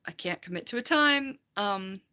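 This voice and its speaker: A woman's voice: mid-range voice, animated, normal speed, sharp tone. A woman hosting a casual live stream from home, chatting with her viewers, giggling often, her voice worn and slightly fried. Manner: chatty, giggly, rambling, reads chat aloud. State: voice worn, slight vocal fry. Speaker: livestream host, falconer. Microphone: computer mic.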